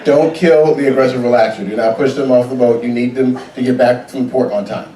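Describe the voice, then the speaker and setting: A man doing stand-up comedy, animated and jumping into high shouted character voices. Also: brisk, crowd noise. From Southern United States. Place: cruise ship theater. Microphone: audience camera far from the stage. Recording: distant echoey theater recording. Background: audience noise.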